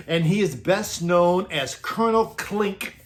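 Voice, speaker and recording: A middle-aged man telling a casual comedic anecdote about his work, chuckling often and acting out quoted lines in animated voices. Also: high-pitched, unhurried. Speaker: storyteller recounting road crew tales.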